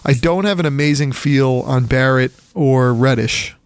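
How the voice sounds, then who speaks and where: A man from the Philadelphia area chatting casually about college basketball, rambling and animated, often acting out quotes. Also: medium pitch, unhurried, clear, resonant tone, no echo. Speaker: podcast co-host. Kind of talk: casual sports chat.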